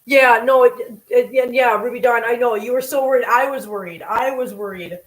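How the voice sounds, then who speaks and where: A woman's voice: a little high, normal speed, echoey room, rough recording. A woman hosting a cooking livestream, chatting emotionally and gushing thanks at her viewers while she cooks at home. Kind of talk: casual live-stream chat while cooking. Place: home kitchen.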